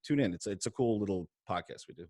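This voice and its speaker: A mortgage lender chatting casually in an interview on a video call from his home podcast studio, quick and loose with lots of fillers and restarts. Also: lowish voice, animated, darkish tone, no echo.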